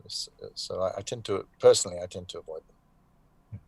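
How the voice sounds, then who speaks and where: A man in his sixties from South Africa speaks in a lowish voice over a video call, the sound close and dry with no room around it. He rambles frankly, with plenty of fillers and restarts and a wry edge. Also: normal speed, vocal fry, darkish tone, breathy edge, no room sound. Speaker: guest voice actor. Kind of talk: casual live interview chat.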